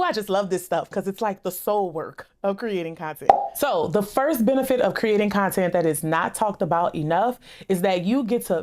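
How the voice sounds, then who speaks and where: A woman's voice: mid-range voice, a little mellow. A woman content creator hosting her own channel, giving an enthusiastic, emphatic motivational talk to camera in a casual, conversational way. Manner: enthusiastic, emphatic, repetitive lists.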